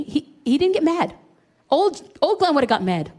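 High-pitched woman preacher, middle-aged, animated storyteller. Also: normal speed. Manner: animated, acts out quoted dialogue. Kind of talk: sermon with personal storytelling.

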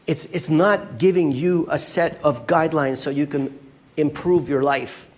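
A man preaching a sermon as a pastor, conversational and animated, often checking in with his listeners. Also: on the high side, measured pace.

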